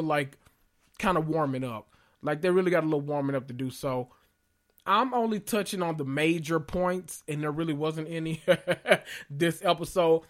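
A man's voice: a little high, a bit bright. A man hosting a casual reality TV recap vlog, sassy and gossipy, laughing often as he rambles.

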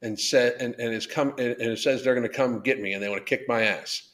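A man of middle pitch hosts a live podcast and talks bluntly, swearing often. He rants and reads out viewer chat in a loose, casual way. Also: moderate pace. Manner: profane, blunt, ranting. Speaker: podcast host. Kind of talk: live-stream rant reading chat.

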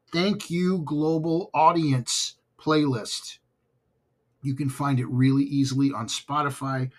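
A male podcast host talks unhurriedly, with a husky edge to his voice. His delivery is earnest and grateful, in a casual solo-show style. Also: mid-range voice. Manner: heartfelt and grateful, slow and earnest.

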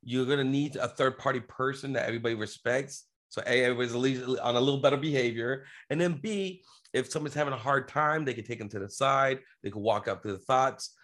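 A man's voice: mid-range voice, quick pace, hardly any pauses, a bit bright. Man, middle-aged, podcast guest; earnest casual storyteller, rambling.

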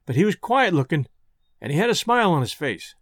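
A man's voice: fairly high pitch, big pitch swings, brisk, fairly bright tone, dry recording, studio quality. A man narrating a story in the first person with a folksy, rustic way of talking.

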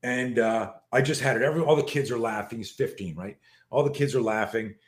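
A man in his sixties, a podcast guest, telling a story in an animated, profane way with many restarts. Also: medium pitch, brisk. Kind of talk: storytelling in a conversation. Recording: roomy echo.

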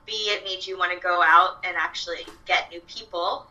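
A woman's voice: lowish voice, steady tone, moderate pace, pushed and bright, highs cut off. A young woman, a fitness coach, chatting casually with lots of fillers and quoted asides. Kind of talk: casual podcast chat. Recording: voice a bit far from the mic.

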